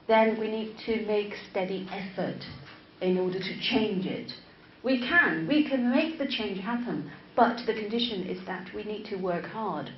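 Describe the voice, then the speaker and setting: A woman's voice: mid-range voice, lively intonation, measured pace, a little hiss or hum. A woman in her fifties from China, lecturing as a university English teacher, repeating key words and checking in with her students. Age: 50s. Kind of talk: classroom lecture. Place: classroom. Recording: echoey lo-fi classroom recording.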